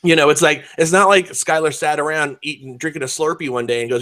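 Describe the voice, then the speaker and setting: A man's voice: fairly high pitch, fast talker, few pauses, pushed and bright. Rambling, foul-mouthed male podcast co-host. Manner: rambling, swears freely, lots of fillers. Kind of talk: casual chat.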